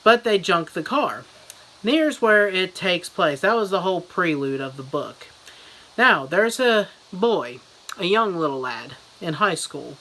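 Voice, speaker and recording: Bright-voiced man rambling through a mock review. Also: sits high, animated, unhurried, rough recording. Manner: rambling, goofy, jokey. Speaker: comedy vlogger.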